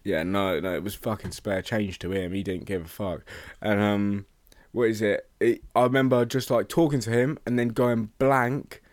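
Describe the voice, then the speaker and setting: A man's voice: fairly low pitch, fairly even intonation, normal speed, no echo. A young man, a podcast co-host telling a rambling story in casual chat, swearing a lot and acting out voices.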